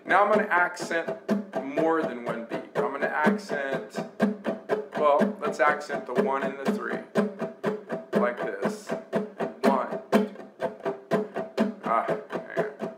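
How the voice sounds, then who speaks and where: A man gives a laid-back guitar lesson, counting beats aloud as he strums. His voice sits in an echoey room, and his guitar rings out loudly beneath it. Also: mid-range voice, unhurried. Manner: relaxed, talks while playing, counts beats aloud. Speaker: guitar teacher. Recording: roomy sound with loud guitar. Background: his own guitar playing.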